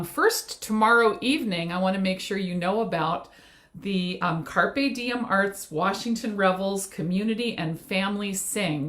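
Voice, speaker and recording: A woman co-hosting an online sing-along, chatting through upcoming events with many ums. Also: mid-range voice. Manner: chatty, with many fillers and a light laugh. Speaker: co-host. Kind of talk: casual announcements.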